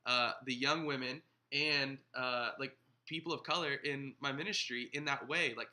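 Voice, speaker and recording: A young man, a pastor and co-host, explaining slang in an earnest, animated casual chat. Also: medium pitch, moderate pace.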